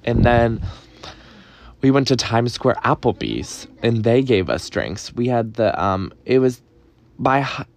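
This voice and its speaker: A man's voice: medium pitch, lively intonation, measured pace, gravelly. A young man telling a story in a casual, gossipy way, swearing and dramatic. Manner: gossipy, profane, dramatic retelling. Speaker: podcast host.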